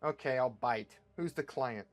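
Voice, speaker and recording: A man's voice: mid-range voice, unhurried, faint music behind, pitched below the performer's own voice, close to an everyday voice. A man doing a sarcastic grumpy villain. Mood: grumbling. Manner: sarcastic, snappish, deadpan. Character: grumpy cynical male self-declared psychopath villain.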